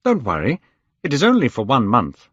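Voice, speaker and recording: A man plays a gentle, devoted painter, earnest and coaxing, his pitch raised and swinging widely. The sound is dull and dry, like a lo-fi home recording. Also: huge pitch swings, normal speed, slightly rough, no echo, full character voice.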